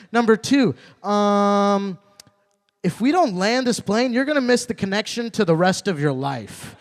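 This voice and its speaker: Young man doing stand-up, slightly high voice. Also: lively intonation, measured pace. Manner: loose storytelling with repeated lines and acted quotes. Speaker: stand-up comedian. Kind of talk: stand-up comedy set. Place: small club open mic.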